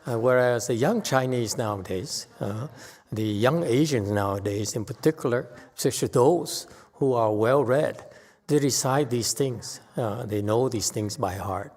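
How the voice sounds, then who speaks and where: A middle-aged man giving an unscripted Dharma lecture, halting and full of fillers, bluntly stating his opinions. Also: on the low side, darkish tone. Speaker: Buddhist teacher giving a Dharma talk. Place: temple hall. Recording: long hall reverb.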